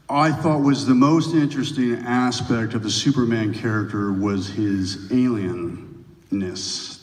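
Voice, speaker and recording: A man being interviewed on stage at a large venue, telling rambling anecdotes and breaking into animated impressions. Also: medium pitch. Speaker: guest actor. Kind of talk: onstage interview. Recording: roomy hall, distant mic.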